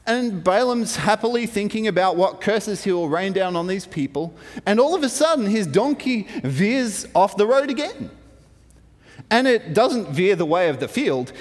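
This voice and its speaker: A man preaches through a Bible story, playful and animated, with humorous asides. His voice sits high and swings widely. A long reverb rings around him in a large hall. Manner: lively, playful, with asides and chuckles.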